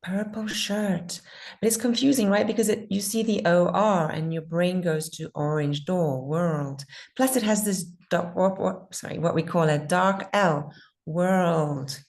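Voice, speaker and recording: A woman teaching pronunciation in an online class, patiently modeling words slowly and repeating them. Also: fairly low pitch, a little mellow.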